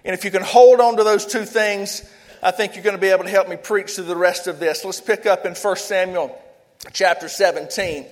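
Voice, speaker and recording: A man's voice: sits high, steady tone, a little fast. A man with a South Louisiana accent preaching a sermon as pastor, fervent and leading call-and-response. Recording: echoey hall, long reverb.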